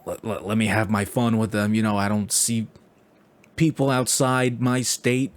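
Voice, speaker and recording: A man's voice: fairly low pitch, fairly even intonation, moderate pace, natural voice. A man putting on a pushy middle-aged New Yorker, brash and insistent, repeating himself. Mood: conspiratorial.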